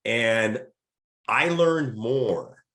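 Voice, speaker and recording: A middle-aged man, a podcast guest, telling lively stories in casual conversation. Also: medium pitch, extremely slow. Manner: lively anecdotal storyteller. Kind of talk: casual storytelling. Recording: roomy echo.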